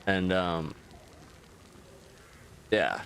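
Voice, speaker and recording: A man streaming and chatting casually, ranting in a profane, rambling and animated way. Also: sits low, drawn-out words, gravelly, a little hiss or hum. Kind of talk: casual chat.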